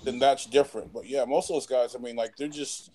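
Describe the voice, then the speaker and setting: A man's voice: mid-range voice, steady tone, brisk, darkish tone, low-quality recording. A man in casual late-night chat on a remote call, rambling with lots of fillers and loose swearing. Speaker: panel guest.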